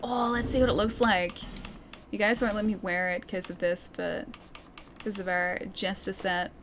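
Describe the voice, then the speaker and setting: A young Australian streamer gives casual gameplay commentary, chatting, giggling often and reading the chat aloud. Her medium-pitched voice is a bit bright with little pitch movement and a moderate pace, over slight background noise.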